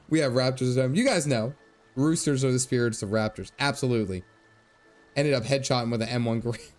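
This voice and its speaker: A man's voice: mid-range voice, fairly quick. Chatty man livestreaming a game. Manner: chatty storyteller, frequent laughs and asides. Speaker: gaming livestreamer. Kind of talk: casual chat over gameplay. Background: faint game music.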